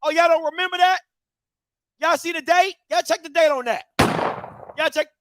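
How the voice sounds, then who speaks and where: A man's voice: extremely high pitch, steady tone, normal speed, fairly bright tone, slight background noise. A man hosting a heated commentary rant, firing repeated rhetorical questions at viewers in a preacher-like call-and-response cadence. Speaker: commentary show host.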